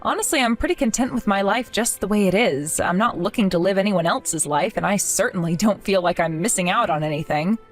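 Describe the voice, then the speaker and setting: A woman telling a first-person story in a calm, dry, amused manner. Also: medium pitch, fairly quick, few pauses. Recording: faint background music.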